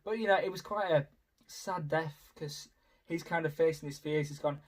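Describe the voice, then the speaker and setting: A man's voice: a little high, normal speed. A young man, rambling casually as a YouTuber through a ranking, full of "you know" fillers. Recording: voice a bit far from the mic.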